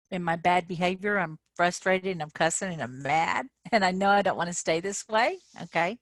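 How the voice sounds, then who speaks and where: A woman's voice: fairly low pitch, dry recording. A woman coach giving an informal talk to her members in an online session, speaking conversationally and often checking in with "okay?". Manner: animated when acting out frustration. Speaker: manifestation coach.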